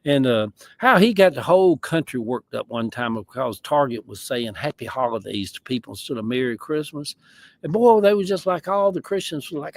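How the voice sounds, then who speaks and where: A man with a Southern US accent from the American South chats casually on a livestream from a yard outdoors, rambling folksily with chuckling asides. His voice is fairly high and expressive, at a moderate pace, with no echo.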